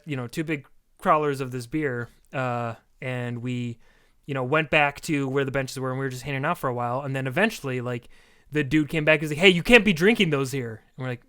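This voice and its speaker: A young man co-hosting a podcast, telling an animated, profane story in casual chat and acting out the other people's lines. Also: medium pitch, fairly quick, smooth, dry recording, studio quality. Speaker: podcast co-host.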